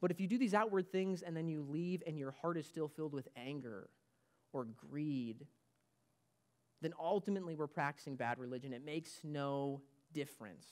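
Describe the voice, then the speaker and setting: A man's voice: fairly high pitch, moderate pace. A man preaching a sermon as pastor of a church, emphatic and repeating his key points.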